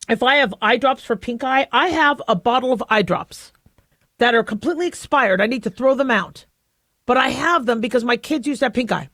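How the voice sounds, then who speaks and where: A middle-aged woman hosting a talk radio show, chatting in a loose, self-deprecating way and often restarting her sentences. Her voice sits a little high and is recorded close and dry in a studio. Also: no room sound. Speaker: radio show host and physician. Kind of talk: casual talk radio monologue.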